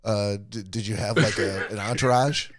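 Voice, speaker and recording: A man's voice: lowish voice, fairly even intonation, moderate pace, crowd noise. A man co-hosting a comedy podcast, teasing his friend and setting up bits. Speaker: podcast co-host. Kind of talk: casual comedic banter.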